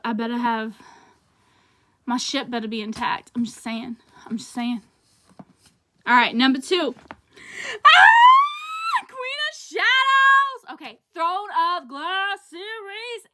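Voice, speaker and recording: A woman's voice: sits high, a bit bright. A young woman reviewing books on her vlog in a gushing, dramatic, chatty way. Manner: gushing and dramatic, with outbursts and laughs. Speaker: book vlogger. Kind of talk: casual book review vlog.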